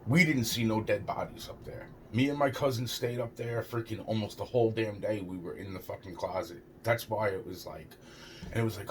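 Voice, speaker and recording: A man's voice: on the low side, brisk, a bit bright, a little hiss or hum. A young man rambling through a personal story, stumbling over his words, repeating "it's like" and swearing a lot. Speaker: storyteller recounting a personal experience.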